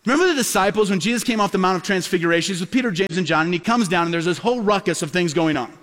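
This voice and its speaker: A middle-aged male pastor preaching a sermon as a lively storyteller, acting out the voices he quotes. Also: high voice, very fast. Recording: long hall reverb.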